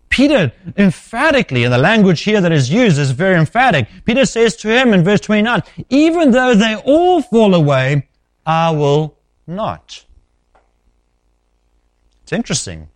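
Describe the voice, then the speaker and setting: A man delivers an expository sermon in a measured, emphatic way, his voice often sinking low as phrases end. There's no echo.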